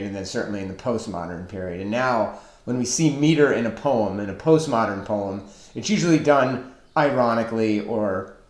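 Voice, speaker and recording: A man giving an online literature lecture, explaining slowly and deliberately with pauses. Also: mid-range voice. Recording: echoey room.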